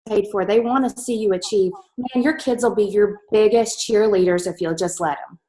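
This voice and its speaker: A woman co-hosting a business talk, who tells stories to the audience in an animated, chatty way full of fillers. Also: mid-range voice, normal speed, rough recording. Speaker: host. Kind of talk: storytelling to an audience.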